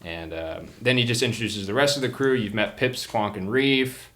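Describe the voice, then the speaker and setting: A man's voice: on the low side, normal speed, bright, forceful tone. A man narrating a tabletop game as game master, casual and rambling, with lots of fillers.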